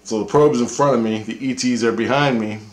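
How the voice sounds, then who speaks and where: A man's voice: medium pitch, steady tone, fairly quick, echoey room. A man from Canada telling a personal story in a rambling, profane way, often repeating himself. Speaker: vlogger telling experiences. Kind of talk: casual storytelling.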